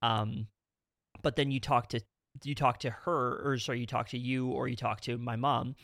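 A man hosting a casual podcast, talking with a blend of Eastern and Western Canadian accents. His voice has a gravelly rasp, recorded dry and close with no room sound. He rambles and restarts his sentences as he talks. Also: mid-range voice, little pitch movement, moderate pace, fairly bright tone, no room sound. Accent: mixed Eastern and Western Canadian. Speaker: podcast host.

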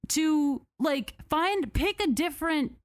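A woman hosting a podcast, retelling a story in a casual, animated, sarcastic way with mock quotes. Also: high-pitched, takes it slowly. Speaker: podcast host.

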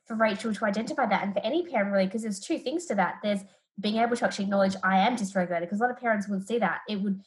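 A woman's voice: mid-range voice, very fast, rough recording. A woman therapist with an Australian accent, talking through parenting ideas as a guest on a podcast interview and acting out scenes from her own home. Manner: reflective, animated when retelling stories.

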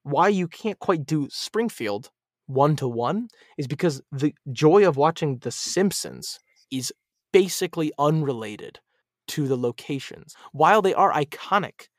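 Animated, opinionated man in casual chat. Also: fairly high pitch, no echo, clean studio sound. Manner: animated, opinionated, laughs often. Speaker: podcast guest.

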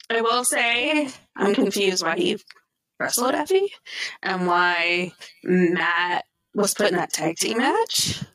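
A woman's voice: mid-range voice, a bit bright, dry recording, poor audio. A woman co-hosting a podcast, chatting casually and animatedly, laughing often and acting out what others said. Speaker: podcast co-host. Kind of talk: casual chat recapping wrestling shows.

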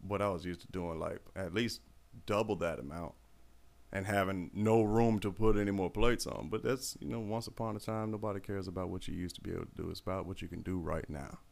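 A man's voice: low-pitched, steady tone, a little fast, vocal fry, a little mellow. A young man co-hosting a casual podcast, telling army stories in laid-back, profane banter. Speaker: podcast co-host, army veteran.

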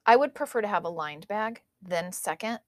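A woman's voice: medium pitch, expressive, normal speed, no echo. Giggly bantering woman co-host. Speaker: podcast co-host. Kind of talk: casual chat.

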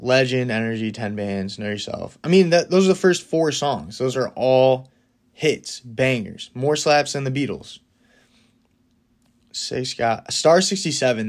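Guy hosting a solo podcast, casual and opinionated, mid-pitched voice, gets fired up quick. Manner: opinionated, fast, with excited bursts. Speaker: podcast host.

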